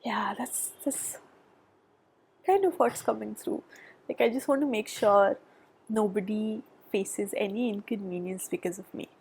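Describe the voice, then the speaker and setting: A woman doing a pick-a-pile tarot reading, chatty and thinking aloud, with soft murmured asides and a nasal voice from a cold. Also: medium pitch, moderate pace, creaky, husky. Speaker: tarot reader. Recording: background noise.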